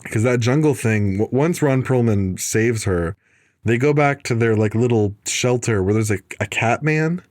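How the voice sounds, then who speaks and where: A man's voice: mid-range voice, moderate pace, darkish tone, no echo. Laid-back man co-hosting a podcast. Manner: laid-back, retells movie scenes in quoted voices, laughs a lot. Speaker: podcast co-host. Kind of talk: casual film-review chat.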